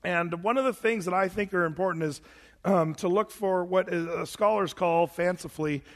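A man's voice: sits high, moderate pace, long reverb tail. A man preaching a sermon to his congregation in a church sanctuary, talking casually with many restarts and fillers. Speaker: pastor.

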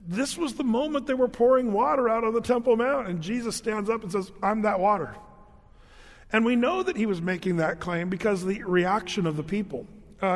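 A man preaching a sermon, telling the story with animated rhetorical questions to his listeners. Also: high voice. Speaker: pastor. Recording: long hall reverb.

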